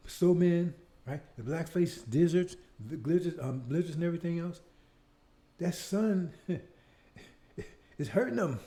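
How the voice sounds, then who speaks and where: High-voiced man preaching with emphasis. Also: dark tone. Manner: emphatic, repetitive, asks "See?" often; rhetorical questions and mocking asides. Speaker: speaker leading his own show. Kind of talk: preaching monologue.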